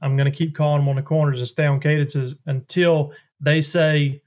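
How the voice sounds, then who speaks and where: A man with a drawl talks through technique in a loose, folksy, roundabout way. His voice sits a touch high for a man. It sounds like a relaxed podcast interview. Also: normal speed, few pauses. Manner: folksy, rambling, hands-on explainer. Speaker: duck call maker, guest.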